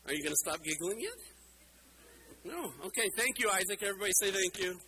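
In this rough recording with slight background noise, a pastor with a high voice talks fairly quickly during a children's sermon at church. He's playful and animated, speaking straight to the kids, teasing a young helper, and running a hands-on demonstration.

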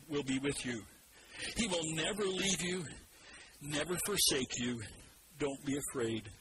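A man preaching a sermon, animated and drawing the congregation in to repeat verses after him. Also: on the high side. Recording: loud background noise.

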